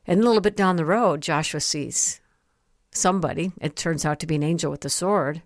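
A middle-aged woman speaks in a low, earnest voice, sharing her testimony like a short sermon. She slows down on the key phrases to let them land. The recording is dry, with no room sound. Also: no echo. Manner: earnest, storytelling, slows for emphasis. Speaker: host and Christian speaker.

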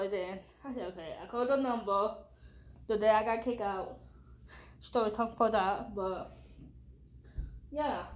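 A woman's voice: a little high, a little mellow. A young woman chatting casually in a storytime vlog, rambling and slangy, swearing freely, talking into a headphone mic at home. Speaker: vlogger.

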